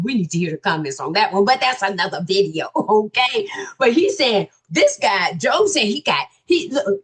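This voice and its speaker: A high-voiced woman reads viewer comments aloud and reacts to each one with lively exclamations. Her pitch swoops up and down as she talks straight to her viewers in a loose, chatty way. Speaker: commentary channel host.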